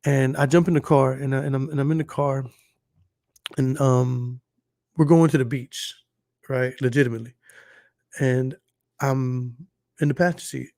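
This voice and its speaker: A man's voice: medium pitch, steady tone, normal speed, gravelly, long pauses, darkish tone, no room sound, studio quality. A man co-hosting a casual podcast, telling stories in a loose, profane way and often asking "you know what I'm saying?". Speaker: podcast co-host.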